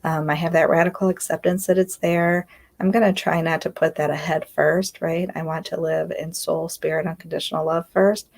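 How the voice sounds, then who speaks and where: An inner healing coach gives an earnest, confiding self-help talk on a live stream, sometimes close to tears and often asking "right?". Her deep, gravelly voice is darkish, moves little in pitch, and keeps a moderate pace.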